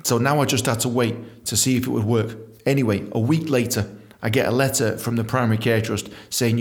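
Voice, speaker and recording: A British man hosting a podcast, telling stories in a lively, profane, casual way and acting out the dialogue. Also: mid-range voice, fairly quick. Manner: animated, profane, acts out dialogue. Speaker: podcast host. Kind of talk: casual storytelling.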